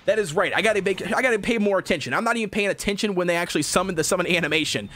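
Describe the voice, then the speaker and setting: A man's voice: sits high, very fast, sharp tone. A man streaming a game live, cheering and hyped as he comments on his pulls and talks to chat. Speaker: gaming livestreamer.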